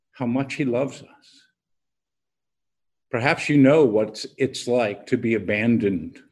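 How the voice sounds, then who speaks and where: A man preaching a sermon as an unhurried storyteller, pausing deliberately as he leads into his point. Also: medium pitch, darkish tone. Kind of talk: sermon with a told joke.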